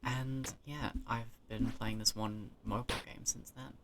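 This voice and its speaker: Young british guy rambling and swearing to himself, gravelly voice, noisy clicky recording. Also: mid-range voice, little pitch movement, measured pace. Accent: British English. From Britain. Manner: sweary, rambling, self-correcting, drops into muttered asides. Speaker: vlogger. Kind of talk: rambling solo chat.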